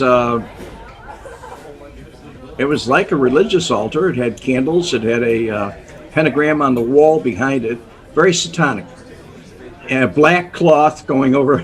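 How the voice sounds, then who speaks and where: An older man telling a story as an interview guest, animated, chuckling often and acting out voices. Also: mid-range voice. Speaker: guest, former undercover informant.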